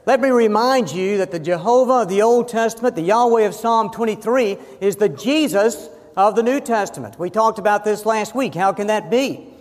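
A man preaching a sermon as pastor, emphatic and slowing down to stress key phrases. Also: sits high. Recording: long reverb of a large hall.

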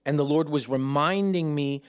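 A man preaching a sermon, telling stories with laughs and acting out quotes, dropping soft and slow for prayer. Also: fairly high pitch, smooth. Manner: animated storytelling with laughs and acted-out quotes; drops soft and slow when praying aloud.

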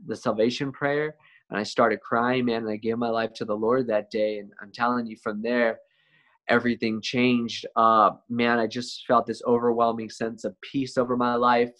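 Male interview guest, mid-pitched, relaxed testimony delivery, lots of fillers and self-corrections. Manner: conversational, frequent "man" and "like", repeats and restarts words. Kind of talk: casual personal testimony.

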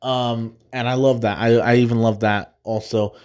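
A man's voice: medium pitch, fairly even intonation, moderate pace, a little mellow, clear, resonant tone. Guy hosting a movie podcast, mid voice, rambly and hyped, hums the music bits. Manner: enthusiastic and rambling, laughs along and hums movie themes. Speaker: podcast host. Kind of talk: casual spoiler-filled film breakdown.

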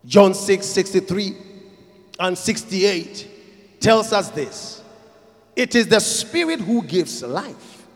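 A pastor preaching a sermon, swinging between quiet lines and shouted ones and repeating phrases for emphasis. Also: male voice, high-pitched, expressive, slow, pauses often, long reverb tail.

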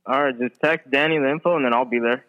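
A man's voice: mid-range voice, fast talker, narrow, tinny audio. A man talking casually on a podcast, hesitant and filling gaps with likes and ums. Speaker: guest.

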